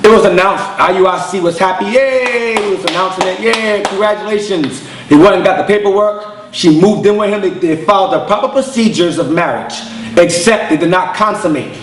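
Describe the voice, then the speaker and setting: A high-voiced man preaching to his congregation in blunt, emphatic street slang, acting out voices in his stories. The recording sits in a roomy, echoey space with a faint hum behind it. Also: brisk. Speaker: congregation elder and teacher. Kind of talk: preaching lecture with storytelling.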